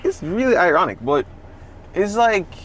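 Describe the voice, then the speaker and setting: Man, podcast co-host, casual chat, lively swings in pitch, swears a lot. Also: moderate pace, a little hiss or hum. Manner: animated, profane, rambling.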